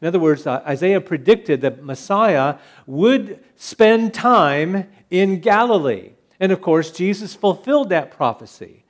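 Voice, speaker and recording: A man's voice: high voice, expressive, measured pace, hardly any pauses. Man preaching a casual sermon. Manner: conversational, with fillers and restarts. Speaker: pastor.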